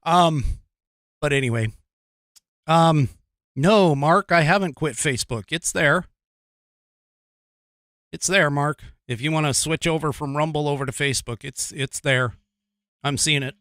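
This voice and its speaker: A man's voice: fairly high pitch, a little slow, long pauses, fairly bright tone, no room sound, clean studio sound. A man hosting a livestream podcast, talking casually and rambling, with lots of fillers and frequent chuckles. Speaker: podcast host.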